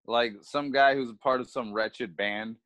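A man's voice: mid-range voice, steady tone, measured pace, fairly bright tone, no echo. A man co-hosting a podcast, joking and teasing the guest. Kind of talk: casual chat.

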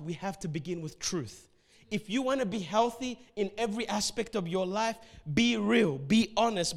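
A man from Ethiopia preaching a sermon as pastor, animated and acting out the people he quotes. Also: sits high. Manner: animated, acts out quotes in shifting voices.

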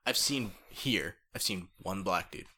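A man chatting casually with friends, telling a story in a lively, dry manner. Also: low voice, unhurried. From foreigner living in Japan. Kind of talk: casual chat.

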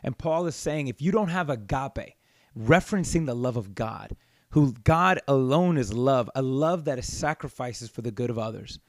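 A man's voice: mid-range voice, expressive, moderate pace, dry recording. Impassioned male preacher, dry close sound. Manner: impassioned preaching, rising to emphatic scolding. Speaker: pastor. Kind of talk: sermon.

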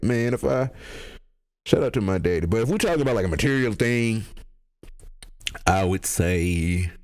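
Speaking in a lowish voice with a darkish tone, this young podcast host goes it alone in a casual show. His talk is full of loose, profane slang, and he frequently dissolves into laughter.

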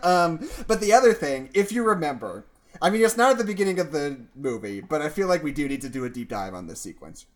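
A woman's voice: deep voice, big pitch swings, fast talker. A woman co-hosting a podcast in casual chat, laughing often and acting out movie lines in silly voices. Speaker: podcast co-host.

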